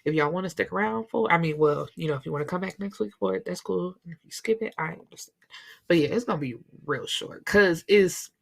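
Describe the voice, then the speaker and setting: A young woman casually recapping a book, chatty and profane, with animated storytelling. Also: lowish voice, fairly quick, gravelly. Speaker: book reviewer.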